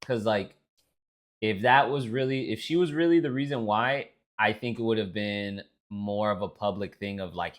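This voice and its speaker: A man's voice: fairly low pitch, normal speed. A man co-hosting a casual podcast chat, rambling and swearing, with frequent restarts. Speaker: podcast co-host.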